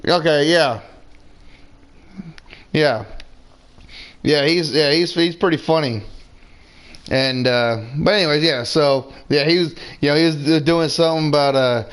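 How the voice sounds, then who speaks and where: A gamer streaming his play gives rambling, laid-back commentary, swearing freely and already several beers in. His voice is fairly high and clean, at a normal speed.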